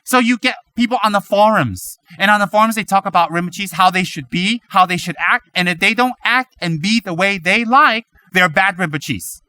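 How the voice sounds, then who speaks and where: Male Buddhist teacher, high bright voice, dry close sound, lively mock-questioning delivery. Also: normal speed, few pauses, no echo. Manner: animated, mimics students with dramatic questions. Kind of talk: dharma teaching talk.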